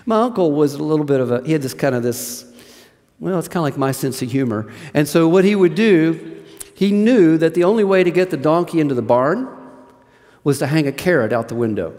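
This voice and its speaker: A man's voice: on the high side, lively intonation, fairly quick, a little mellow. A middle-aged man preaching a sermon as a seminary president, in a conversational, folksy storytelling manner with asides to the audience. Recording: long hall reverb.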